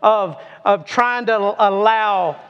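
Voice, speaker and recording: A man preaching a sermon, reading scripture with emphatic, drawn-out stresses and calling on his congregation to repeat after him. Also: high voice, clear, resonant tone, dull audio. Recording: long reverb of a large hall.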